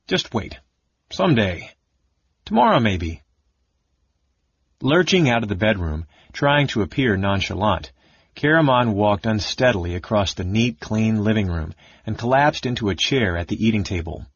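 A man narrating a fantasy audiobook in an expressive, steady storytelling manner. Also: fairly low pitch, normal speed, breathy edge, no room sound. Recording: dull lo-fi audiobook recording.

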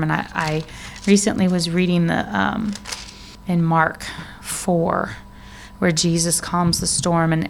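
A woman co-hosting a casual faith podcast, telling Bible stories with animated asides and many "you know"s. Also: fairly low pitch, gravelly, a little hiss or hum. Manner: animated storyteller, reads scripture aloud, frequent "you know". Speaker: podcast co-host.

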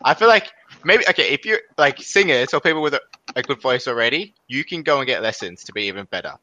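A man's voice: mid-range voice, lively intonation, fast talker, pushed and bright, no room sound, dull audio. A young Australian man co-hosting a podcast, chatting casually and rambling with lots of fillers and laughs. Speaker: podcast co-host. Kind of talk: casual chat.

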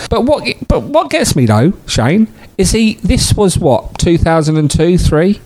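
A man's voice: sits high, moderate pace, hardly any pauses. A man co-hosting a podcast, telling stories in casual chat and acting out the voices of the people in them. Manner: animated storyteller, acts out voices. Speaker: podcast co-host.

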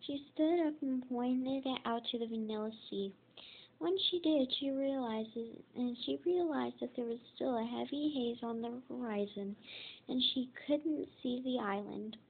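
A woman reads a children's storybook aloud, slowly and with many restarts and fillers. Her voice is high. The recording sounds tinny and phone-like. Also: creaky. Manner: halting reading with fillers and restarts. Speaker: reader.

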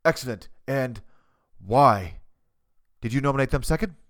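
A man's voice: medium pitch, expressive, normal speed, lightly acted. A man impersonating a furious, foul-mouthed male TV head chef who barks insults and clipped commands at cooks. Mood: clipped interrogating. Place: home basement. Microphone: cheap desktop USB mic.

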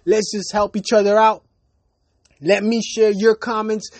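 A man with a high-pitched voice rants into a basic home mic, swearing freely and chuckling at himself. The sound is dry and close, with no room around it. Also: little pitch movement, a little slow, no echo. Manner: profane, heated, laughs at himself. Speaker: podcast host. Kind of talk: casual rant monologue. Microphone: basic home setup, no fancy gear.

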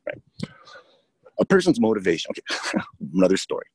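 A man's voice: low voice, big pitch swings, brisk, darkish tone, breathy edge, no room sound. A man, a teacher, telling blunt, profane, rambling stories in a casual interview.

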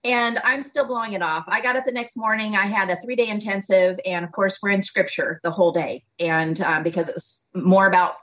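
A woman who is a doctor, telling a story as a guest in a casual interview, animated, acting out dialogue and laughing often. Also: medium pitch, brisk, few pauses. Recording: dull lo-fi audio.

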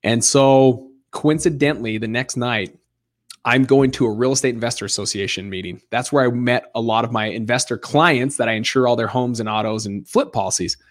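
A man in his thirties, an interview guest who tells his story in a lively way and acts out the other voices. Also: medium pitch, fairly quick. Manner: animated storyteller acting out dialogue. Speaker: guest, real estate investor.

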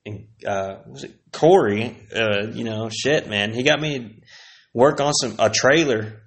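A man's voice: mid-range voice, a little slow, fairly bright tone. Laid-back man rambling on a podcast. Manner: rambling, profane, laid-back, sipping whiskey. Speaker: podcast host. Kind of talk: casual solo podcast reminiscing.

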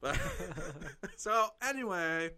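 A man's voice: high voice, sing-song, slow pace, sharp tone, a little hiss or hum. Giggly rambling man spinning a silly story. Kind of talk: improvised comic storytelling.

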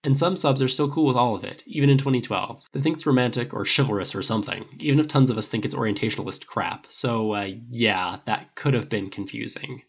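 A man voicing a brash, sarcastic man who talks bluntly and profanely, with a gravelly, husky voice on a dull recording. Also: mid-range voice, brisk, hardly any pauses.

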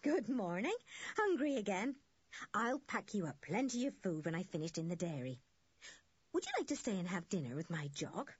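A kindly farmer's wife, voiced by a woman narrator talks in a brisk, welcoming way. The voice is breathy, and the recording sounds dull. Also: mid-range voice, big pitch swings, dry recording. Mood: hospitable. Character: kindly, busy farm mother.

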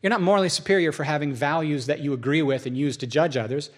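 Animated male pastor preaching a sermon. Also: on the high side, fast talker. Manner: animated storytelling, acting out both sides of a dialogue; drops to a hushed, soft voice for solemn moments.

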